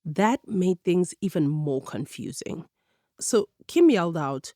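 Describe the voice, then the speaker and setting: A woman narrating a radio documentary in a measured, clear storytelling manner. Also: on the low side, expressive, mellow, no room sound, clean studio sound.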